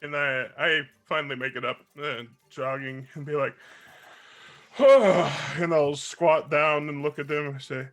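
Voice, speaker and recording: Bright, wry man playing a tabletop game. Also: a little high, unhurried. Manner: wry, animated, slips into character. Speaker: player. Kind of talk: casual tabletop game play.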